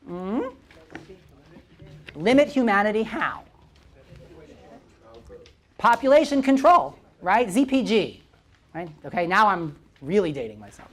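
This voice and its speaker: A male lecturer with a lively, swooping delivery, teaching a Bible class to a room of listeners. He punctuates almost every point with a quick "right?" or "okay?" and keeps turning to quiz the audience. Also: high-pitched. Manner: constantly checks in with "right?" and "okay?"; poses questions to the audience. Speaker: visiting lecturer.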